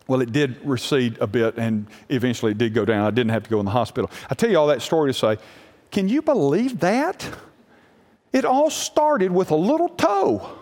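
A man preaching a sermon as pastor, telling a personal story with lively energy and often asking the congregation questions. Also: mid-range voice, brisk, big-room sound. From United States.

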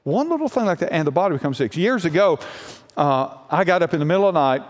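Animated male pastor preaching in a hall. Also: fairly high pitch, quick pace. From United States. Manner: animated storytelling, asks the congregation questions. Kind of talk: sermon.

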